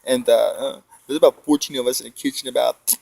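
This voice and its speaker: A man tells a long personal story about spiritual experiences in a meandering monologue, swearing often and relying on fillers and tag questions. His medium-pitched voice is steady, quick, darkish and marked by vocal fry. The recording is low quality.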